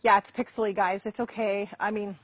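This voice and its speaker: Husky-voiced woman hosting a live stream. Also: mid-range voice, flat delivery, a little fast, no echo. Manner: chatty, repeats and restarts, addresses viewers directly. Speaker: host. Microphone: computer mic over weak internet.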